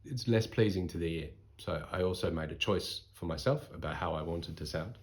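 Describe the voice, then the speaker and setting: A man in his forties with a softened Australian accent, giving thoughtful, articulate interview answers. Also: low-pitched, a little fast, gravelly. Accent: Australian, softened by voice training. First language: English. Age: 40s. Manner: thoughtful, articulate, lively with restarts.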